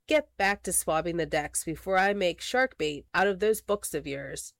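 A woman voicing a gruff, bossy male pirate captain bunny, barking orders in a storybook reading. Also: fairly low pitch, normal speed, dry recording, close to an everyday voice. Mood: scolding.

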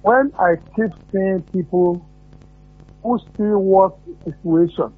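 A man's voice: sits high, takes it slowly, husky. A man with a Nigerian accent calling in to a radio show, giving his opinion earnestly. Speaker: caller. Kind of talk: phone-in opinion. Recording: tinny phone line.

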